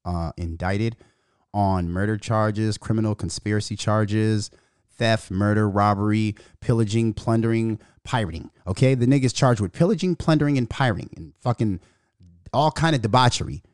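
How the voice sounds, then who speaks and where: A man's voice: on the low side, normal speed, a little mellow, clean tone, dry recording, clean studio sound. A man hosting a podcast, ranting in a profane monologue and mocking the voices of others. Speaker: podcast host.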